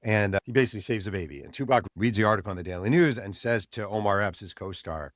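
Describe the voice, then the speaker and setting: Low-voiced man telling a story. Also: quick pace, hardly any pauses, no room sound, studio quality. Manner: animated storyteller, acts out quoted voices. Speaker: author and guest. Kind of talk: storytelling interview answers.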